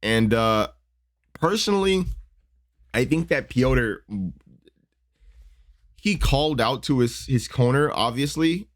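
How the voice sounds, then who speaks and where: A man's voice: mid-range voice, lively intonation, slow pace, pauses often. A man talks through fight replays like a casual podcast host. He rambles and restarts often, fills gaps with "uh" and "you know," and swears freely. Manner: rambling, profane, many fillers and restarts. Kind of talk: casual fight breakdown commentary.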